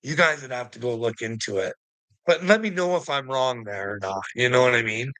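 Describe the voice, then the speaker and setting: A man's voice: mid-range voice, brisk, fairly bright tone, dry recording, low-quality recording. A man in an angry, profane commentary rant, firing off rhetorical questions and mocking taunts. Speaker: vlogger.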